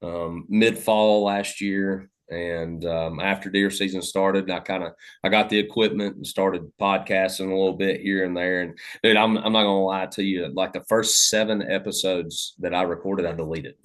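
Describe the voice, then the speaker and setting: A man's voice: deep voice, fairly even intonation, normal speed, few pauses, a bit bright. A man with a Southern American accent telling stories on a podcast, rambling with many fillers and restarts. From Southern United States. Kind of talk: casual storytelling conversation.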